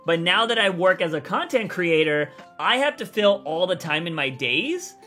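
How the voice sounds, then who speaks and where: A young man chats casually on a livestream, blunt and rambling, cursing freely as he answers viewers. His voice sits a little high and sounds bright and forceful, though a bit raspy today. Faint music plays under him. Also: big pitch swings, moderate pace. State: voice feels raspy. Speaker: content creator streamer.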